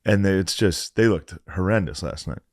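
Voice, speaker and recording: A man's voice: deep voice, lively intonation, normal speed, darkish tone, no room sound, clean studio sound. A man, co-hosting a podcast in casual chat, telling stories with frequent laughs and swearing. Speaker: podcast co-host.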